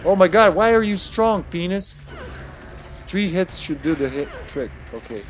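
A man's voice: high voice, expressive, unhurried, soft background music. A man giving live gameplay commentary as a streamer, joking crudely and talking back to the game.

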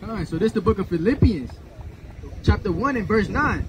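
Guy with a really high voice reading bible verses outside, traffic noise behind. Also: expressive, brisk. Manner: announces book, chapter and verse before reading. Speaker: scripture reader. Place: outdoors on a street.

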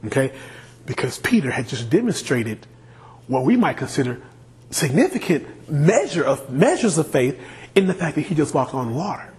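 A male pastor preaching a sermon, animated, often asking the congregation questions. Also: fairly high pitch, moderate pace. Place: church sanctuary.

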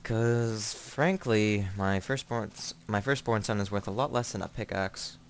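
A man's voice: lowish voice, measured pace. A young man casually commenting on his own gameplay, rambling and joking, easily startled. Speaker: gamer. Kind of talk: casual let's play commentary.

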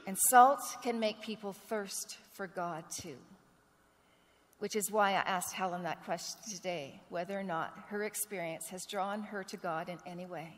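A woman pastor delivers a sermon in a church sanctuary, her voice carrying a long, echoing reverb. She preaches with earnest storytelling at a medium pitch and stops now and then to clear a rough throat. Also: moderate pace. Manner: earnest storytelling, acts out quoted dialogue.

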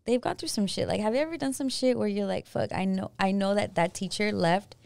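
A woman's voice: mid-range voice, fairly quick, vocal fry, a little mellow, clear, resonant tone, dry recording. A woman co-hosting a podcast in casual, rambling chat. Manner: chatty, rambling. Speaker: podcast co-host.

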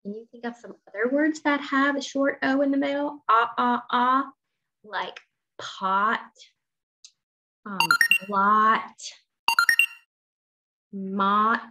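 A woman teaching a phonics lesson to young children, sounding out letters slowly and encouraging them to answer. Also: a little high, steady tone, loud music behind the voice. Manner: slow, drawn-out sounding of letters and words; encouraging, asks questions and waits. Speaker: kindergarten teacher. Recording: dull lo-fi audio with faint noise.

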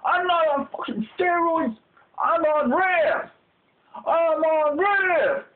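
A man playing a loud, boastful gym instructor who shouts and repeats himself in a homemade sketch. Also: very high voice, lively intonation, takes it slowly, pitched above the performer's own voice, heavily acted. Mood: hyped. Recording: tinny phone-quality recording.

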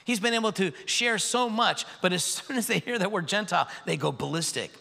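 A male pastor preaching a sermon in a church, animated and acting out the voices of the people he describes. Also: sits high, fairly quick, gravelly, big-room sound. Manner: animated, acts out voices and quotes. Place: large church sanctuary.

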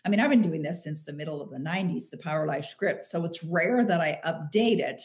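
A middle-aged woman hosting a motivational live stream, answering listener questions warmly and slowing down to stress key phrases. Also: deep voice, expressive. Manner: warm, emphatic, slows down on key phrases.

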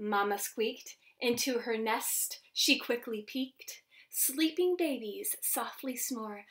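A woman who teaches in a children's ministry reads a picture book aloud to young kids, gentle and animated, pausing to chat with them about the pictures. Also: fairly high pitch, recorded from a distance.

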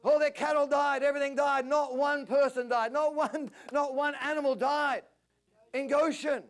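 A man preaching a passionate sermon at a church service, climbing to near-shouts. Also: very high-pitched, steady tone, moderate pace. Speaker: pastor.

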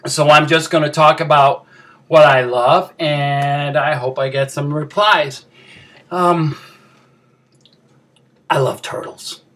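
A man doing a comedic parody monologue, overwrought and tearful, mumbling through halting pauses and fillers before breaking into high, wailing outbursts. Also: fairly even intonation, a bit bright. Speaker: comic parodying an online dating video.

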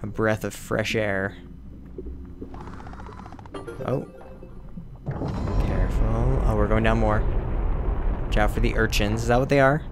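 A man's voice: on the low side, fairly even intonation, slow pace, long pauses, over loud music. A man hosting a let's play, casually commenting on his gameplay and talking to the characters on screen. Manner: chatty, talks to the game and its characters.

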